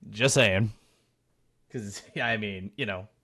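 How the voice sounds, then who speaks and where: A man's voice: fairly low pitch, slow pace, sharp tone. A male game streamer chatting casually while playing, thanking viewers and teasing his friends. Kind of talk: casual live-stream chat while gaming.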